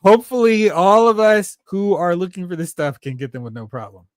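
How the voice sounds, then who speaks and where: A chatty, excitable man hosts a live stream and reads viewer comments aloud. His voice sits fairly high. The sound is dry and close, with no room around it. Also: a little fast, no echo. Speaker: host of a toy collecting show. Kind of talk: casual live-stream chat reading comments.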